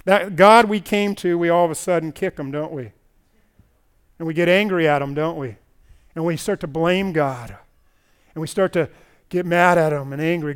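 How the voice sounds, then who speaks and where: A man preaching a sermon as pastor at a church service, swinging between loud emphatic stretches and quiet low passages. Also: normal speed, pauses often, smooth.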